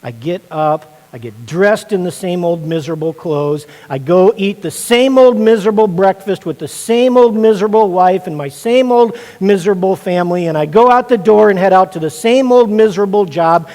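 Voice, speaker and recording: A man voicing a weary, gloomy man who lists the miseries of his life in a low, glum, resigned tone. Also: a little mellow, long reverb tail, natural voice, low-quality recording. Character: gloomy, weary middle-aged Russian man.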